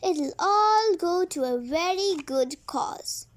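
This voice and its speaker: Storybook father, bossy and mock-pompous, teasing read by a woman; high, slow lines. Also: expressive, exaggerated voice. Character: stern teasing dad, grown man.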